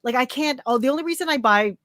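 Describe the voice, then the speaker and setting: A Canadian woman in her thirties talks in a loose, chatty way, stacking "like" between her thoughts. Her voice sits a little high. The recording is close and dry, with no room sound. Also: expressive, fairly bright tone, no room sound. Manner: chatty, filler-heavy, quick laughs. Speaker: co-host, crochet designer. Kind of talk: casual livestream chat.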